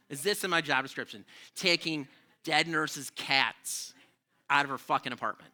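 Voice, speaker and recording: A stand-up comedian with a bright voice, pitched on the high side, tells stories on a comedy club stage at a fairly quick pace. His storytelling is profane, animated, and exasperated.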